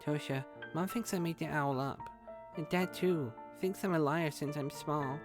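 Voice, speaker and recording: A man voicing a scared little girl, a chattering younger sister, in a high, pleading, childlike voice while reading a game aloud. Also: unhurried, over music, natural voice. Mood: frightened.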